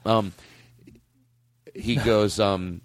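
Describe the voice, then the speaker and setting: Profane, animated man telling stories. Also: on the low side, extremely slow, crowd noise. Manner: profane, animated storyteller who acts out quotes. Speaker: comedian podcast guest. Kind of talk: casual podcast chat.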